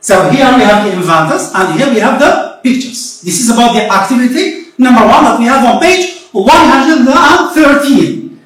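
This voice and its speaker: A woman teacher giving a remote English lesson, explaining slowly and deliberately and repeating herself often. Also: fairly high pitch, expressive. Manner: slow, deliberate explaining with frequent repetition. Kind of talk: recorded remote classroom lesson. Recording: very echoey room, voice far from the mic.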